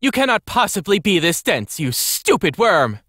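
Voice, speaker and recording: A man's voice: sits high, very animated, drawn-out words, no echo, clean studio sound, voice pushed up, full character voice. A man voicing an arrogant, cruel young lady who snaps contemptuous insults at her servant. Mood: scornful, imperious. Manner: contemptuous, snapping and shouting insults.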